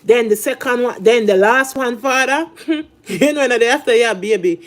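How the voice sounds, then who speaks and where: A woman's voice: a little high, normal speed. A middle-aged Jamaican woman ranting and scolding in heavy patois, talking casually to her viewers.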